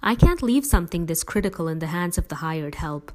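A woman's voice: fairly low pitch, sing-song, a little fast. A woman voicing a tired, protective middle-aged father in a read-aloud story, speaking earnestly and firmly.

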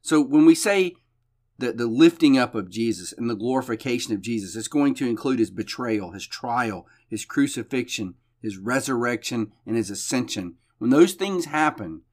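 Man teaching scripture in a relaxed, restarting way. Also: mid-range voice, moderate pace. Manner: conversational with frequent restarts and repeated words; reads scripture aloud then explains it. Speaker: podcast Bible teacher. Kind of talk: devotional Bible teaching.

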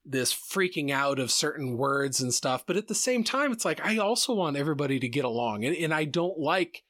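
A man's voice: fairly high pitch, sing-song, fairly quick, fairly bright tone, dry recording, studio quality. A man in casual podcast conversation, thinking aloud reflectively with frequent restarts. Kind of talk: casual chat.

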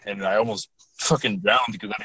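Bright-voiced young man, swearing. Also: lowish voice, steady tone, slightly rough, rough recording. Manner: swearing, halting with restarts and laughs. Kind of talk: casual chat.

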